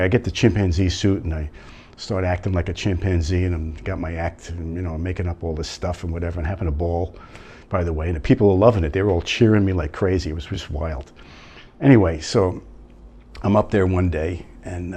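A low-voiced man telling a long joke, padding it with "you know" and "right?" as he goes. Faint noise sits behind his voice. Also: warm tone. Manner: rambling, full of fillers and tag questions.

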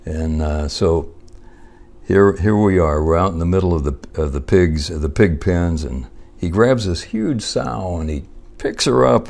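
A middle-aged or older man telling long folksy jokes in an unhurried, rambling way, with fillers and chuckles. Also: low voice, vocal fry, darkish tone. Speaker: joke teller.

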